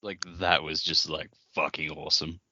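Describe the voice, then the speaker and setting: A man's voice: rumbling low, flat delivery, normal speed, sharp tone, no room sound, muffled recording. A man co-hosting a casual podcast, joking and riffing on scenes with made-up dialogue. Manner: jokey, riffs on scenes with mock dialogue. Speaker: podcast co-host. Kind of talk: casual book discussion.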